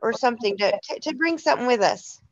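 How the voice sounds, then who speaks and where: Chatty high-voiced woman leading Bible study. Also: expressive, fast, no echo. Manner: chatty, laughing, restarts often. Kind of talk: casual church study talk. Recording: dull lo-fi dry sound.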